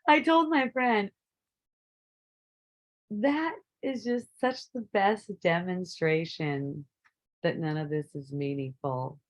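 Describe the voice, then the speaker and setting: Woman telling a story casually, lowish voice. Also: slow, long pauses, rough recording. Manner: laughs often, relaxed and rambling. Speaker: spiritual teacher.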